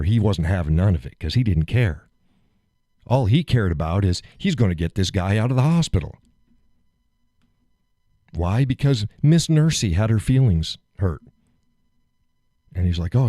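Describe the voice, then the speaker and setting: A man's voice: sits low, expressive, moderate pace, pauses often, dark tone, no room sound, clean studio sound. A middle-aged man hosting a live show, casually retelling a story, acting out quotes, swearing freely and laughing often.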